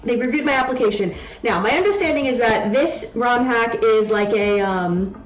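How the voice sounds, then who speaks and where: A woman's voice: fairly high pitch, normal speed. A young adult woman streaming a game from home, chatting casually and cooing baby talk to her daughter on her lap. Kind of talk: casual live-stream chat. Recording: echoey room with background music.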